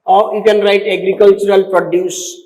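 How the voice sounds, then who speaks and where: A man teaching an English exam-prep lesson, explaining slowly with many repeats and fillers and spelling out words letter by letter. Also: high voice, little pitch movement, a little mellow. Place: classroom. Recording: echoey room with long reverb.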